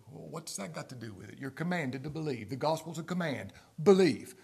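A man preaches a passionate sermon, climbing to loud, emphatic peaks and dropping into quiet, low asides while firing rhetorical questions between scripture quotations. His voice is gravelly and slightly rough, a little fast, with lively intonation.

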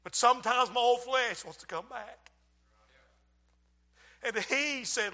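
Male pastor preaching, high voice, very bright tone, loud bursts and quiet asides, reverb of a church hall. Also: slow, pauses often. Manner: preaching with sudden loud outbursts and hushed asides. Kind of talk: sermon.

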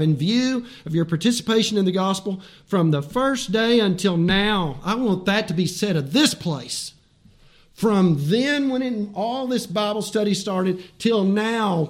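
High-voiced male pastor preaching. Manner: conversational preaching with rhetorical questions and emphatic slowdowns. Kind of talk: sermon.

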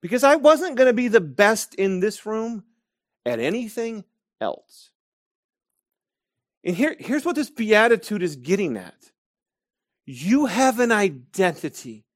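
A man's voice: high-pitched, big pitch swings, no room sound. A man from Michigan delivers a sermon in a slightly raised voice, drawing out key phrases for emphasis. He moves between personal stories and exhortation. The recording is close and dry. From Michigan, USA. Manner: storytelling, emphatic with slow stressed phrases. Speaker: preacher.

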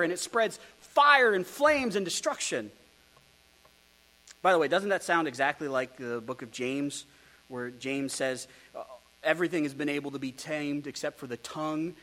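A male pastor preaching an expository sermon, animated and rhetorical, with ironic asides to his congregation. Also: high-pitched.

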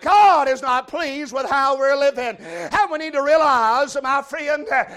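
A male preacher delivers a fiery revival sermon, his voice pitched very high for a man. He shouts his lines, and drawn-out "uh"s fill the gaps between them. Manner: shouting, with frequent drawn-out "uh" fillers.

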